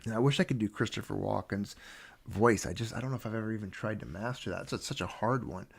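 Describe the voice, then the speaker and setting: A man's voice: fairly low pitch, fast, creaky, slightly rough. A man hosting a livestream, chatting casually and greeting viewers one by one. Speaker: livestream host. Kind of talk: casual chat with live viewers.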